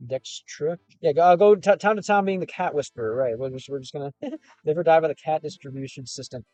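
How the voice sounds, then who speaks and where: A young man from Chicago talks in a slightly high voice, rambling loosely through viewer comments on a casual livestream from his car. His words sound close and dry, with soft music playing faintly underneath. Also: fairly quick, dry recording. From Chicago, United States. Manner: rambling and loose, with frequent fillers and restarts. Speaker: gaming and language streamer.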